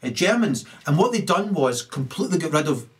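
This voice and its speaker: A man's voice: a little high, sing-song, fairly quick. A man in a rambling, ranting monologue, constantly tagging his points with questions. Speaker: commentator.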